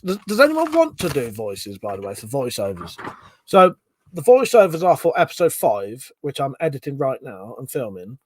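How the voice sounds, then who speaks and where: Chatty man, fairly high voice. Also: no echo. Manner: chatty, reads out viewer comments, swears casually. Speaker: livestream host. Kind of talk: casual livestream chat.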